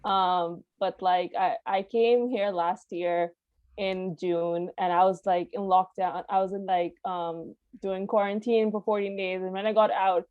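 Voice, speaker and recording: A woman chatting as a guest on an online panel, lively and playfully exasperated. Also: medium pitch, measured pace, smooth, no echo, narrow, tinny audio. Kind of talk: casual chat.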